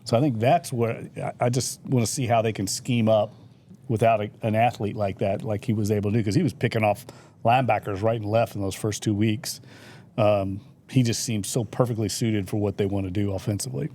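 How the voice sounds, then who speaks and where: A man's voice: on the low side, steady tone, brisk, warm tone, a little hiss or hum. A man who is a sports columnist, talking loosely with lots of fillers in a casual podcast chat. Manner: loose, filler-heavy talk.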